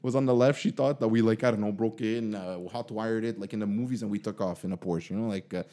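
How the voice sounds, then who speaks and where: Podcast guy rambling through a story, warm mellow voice, lots of "like" and "you know". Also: lowish voice, fast. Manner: animated, loose storyteller with many fillers. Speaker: podcast co-host. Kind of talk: casual storytelling chat.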